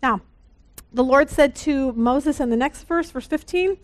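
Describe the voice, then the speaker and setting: High-voiced chatty woman teaching Bible study. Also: unhurried. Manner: chatty and animated, laughing, reading verses aloud. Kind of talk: casual Bible teaching with scripture reading.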